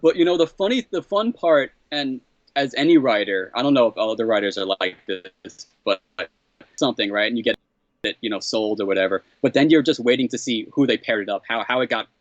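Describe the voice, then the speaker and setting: A man being interviewed as a comedy writer, retelling a story with plenty of energy. He jumps up into a higher voice to act out what other people said, laughs along as he goes, and keeps saying "what the hell". The sound is dry and a bit dull and lo-fi. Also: a little fast, no echo. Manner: animated, acts out quoted exchanges in a higher voice.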